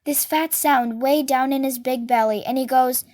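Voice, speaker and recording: High-voiced woman reading a novel aloud. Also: steady tone, moderate pace, darkish tone, slight background noise. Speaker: reader.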